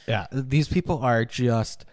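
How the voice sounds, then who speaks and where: A man's voice: mid-range voice, takes it slowly, no room sound. Profane young man, dry close sound. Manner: profane, mocking, drops into sarcastic mimicry. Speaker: podcast co-host. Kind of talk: casual chat.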